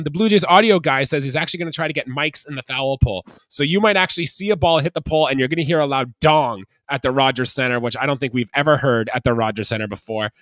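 A man's voice: fairly high pitch, fairly bright tone, dry recording. A Canadian man hosting a sports podcast, upbeat and chatty, steering topics and quizzing his co-host. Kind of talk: casual sports podcast chat.

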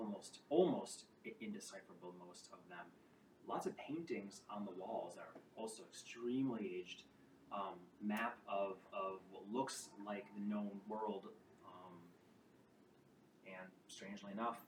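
A man narrating as game master of a tabletop game, with halting, restarting descriptions. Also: low-pitched. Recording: roomy, distant mic with clear background noise.

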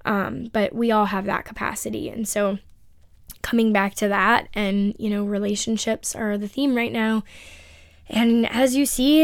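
A woman hosting a solo spiritual podcast, speaking unedited while under the weather, with a strained voice, ums and long pauses. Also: mid-range voice, steady tone, no echo, studio quality. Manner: reflective, rambling with ums and pauses. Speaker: podcast host.

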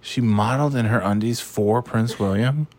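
A man's voice: medium pitch, normal speed, darkish tone. A man hosting a casual chat, rambling and sarcastic, swearing freely.

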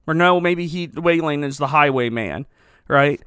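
A man's voice: fairly high pitch, measured pace, a bit bright, smooth, no echo, studio quality. A man hosting a comedy podcast, retelling a movie plot in a rambling, sarcastic way and often correcting himself.

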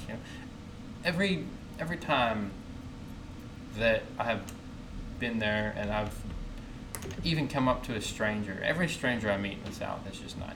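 A man's voice: fairly low pitch, lively intonation, normal speed, pauses often, background noise. A young man from the American South co-hosting a podcast, talking in a casual, easygoing way. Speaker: podcast co-host. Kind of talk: casual chat.

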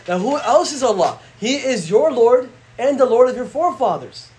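Fast-talking imam teaching a class. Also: male voice, high-pitched, big pitch swings, a little mellow, a little hiss or hum. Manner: conversational, slangy, recites Arabic verses rapidly. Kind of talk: casual religious lecture.

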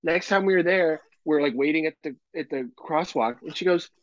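A man's voice: a little high, fairly quick, few pauses, dry recording. A man in his thirties, co-hosting a casual podcast chat, telling stories animatedly with lots of laughter and casual swearing. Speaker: podcast co-host. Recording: dull, lo-fi dry sound.

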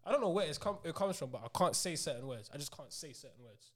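A man's voice: fairly high pitch, quick pace, a crowd in the background. A man, co-hosting a podcast in casual, teasing banter. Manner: excitable, laughing, teasing. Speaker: podcast host.

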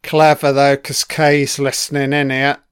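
A man's voice: medium pitch, completely flat delivery, a little slow, smooth, no room sound, clean studio sound. A man giving a casual, profane commentary while watching a TV series, chatty and reacting as he goes. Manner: sweary, chatty, reacting to the screen.

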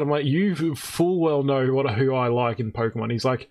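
A man's voice: medium pitch, moderate pace, a little mellow. A man co-hosting a casual podcast, telling a joking story and cursing freely. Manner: joking, swears freely, quotes friends. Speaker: podcast co-host. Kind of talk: casual chat.

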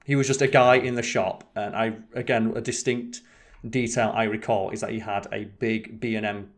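Young bloke rambling through a story, swears a lot, keeps restarting. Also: male voice, lowish voice, flat delivery, moderate pace. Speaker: podcast co-host. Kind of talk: casual storytelling chat.

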